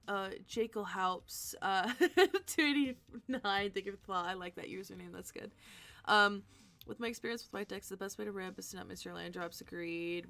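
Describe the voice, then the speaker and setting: A woman's voice: mid-range voice, fairly bright tone. A woman hosting a live stream, chatting casually and answering viewers' comments as she thinks aloud. She is tired and sleepy. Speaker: livestream host.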